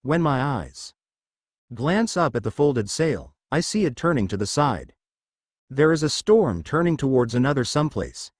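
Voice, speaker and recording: A man's voice: mid-range voice, very animated, moderate pace, dry recording, studio quality. A man reading a first-person story recap as scripted storybook narration.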